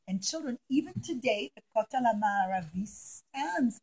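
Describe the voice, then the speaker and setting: High-voiced woman telling a children's story. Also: normal speed, hardly any pauses, husky, low-quality recording. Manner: animated, acts out characters with gasps and whispers. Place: classroom with children.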